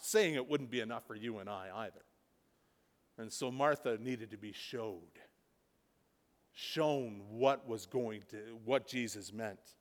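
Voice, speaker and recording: A man preaching a sermon, retelling a story, dropping to a hush and then building to loud emphasis. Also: medium pitch. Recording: reverberant hall.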